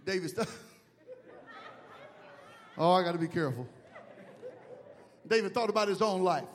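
Pastor, man, high lively voice, humorous preaching that swells to shouts, in a reverberant hall. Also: a little slow, pauses often. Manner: animated, humorous, shouting at peaks. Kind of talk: sermon.

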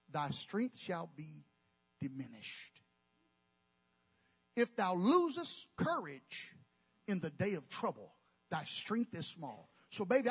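Male pastor, high voice, emphatic sermon, folksy humor, long hall echo. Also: husky. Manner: emphatic preaching, folksy and joking asides.

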